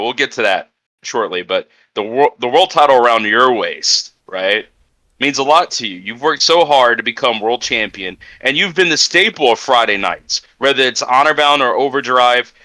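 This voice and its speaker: A man's voice: mid-range voice, sharp tone, no echo, poor audio. A man hosting a wrestling press conference, building hype in an emphatic announcer style as he questions the champion. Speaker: press conference host and interviewer. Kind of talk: hyped announcer-style interview.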